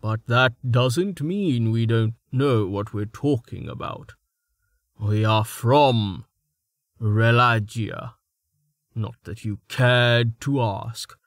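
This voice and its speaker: A man voicing a calm, controlled male character who speaks firmly in an audiobook. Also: mid-range voice, slow, no echo, studio quality, natural voice. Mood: stern. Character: calm male traveller with restrained anger.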